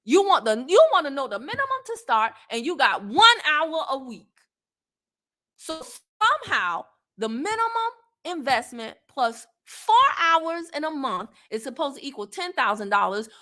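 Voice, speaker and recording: A woman's voice: high voice, big pitch swings, moderate pace, a bit bright. A woman network marketing coach talking straight to camera, blunt, sassy and colloquial, and easily worked up. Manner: gets worked up. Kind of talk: casual direct-to-camera talk.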